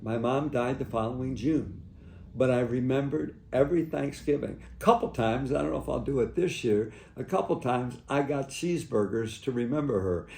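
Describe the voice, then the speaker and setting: A man who is a priest, sharing a gentle personal reflection in a halting, heartfelt way with many restarts. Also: mid-range voice. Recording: echoey room.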